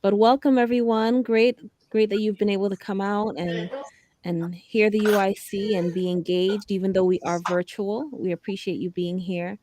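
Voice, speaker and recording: A woman's voice: medium pitch, steady tone, normal speed, dark tone, slight background noise. A woman, a fundraising director, giving brief welcoming remarks on a livestream.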